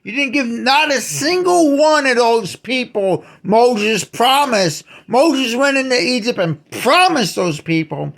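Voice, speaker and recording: A man delivering an indignant ranting monologue, repeating and restarting his words and shouting out accusations. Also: extremely high pitch, lively intonation, slow pace, creaky, hardly any pauses. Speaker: channel host.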